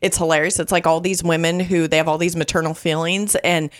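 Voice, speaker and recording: A middle-aged woman telling a funny story in casual chat, animated and laughing often. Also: lowish voice, fairly quick.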